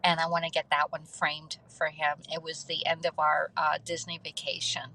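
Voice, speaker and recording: A woman's voice: sits low, completely flat delivery, moderate pace, bright, forceful tone, slight background noise, poor audio. A middle-aged woman hosting a casual livestream, chatting and thanking viewers by name between laughs. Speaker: livestream host.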